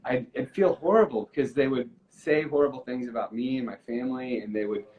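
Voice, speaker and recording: A man's voice: medium pitch, brisk, dull audio. Earnest man telling a story. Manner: earnest, emotional, restarts often. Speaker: musician guest on a live stream. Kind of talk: casual storytelling chat.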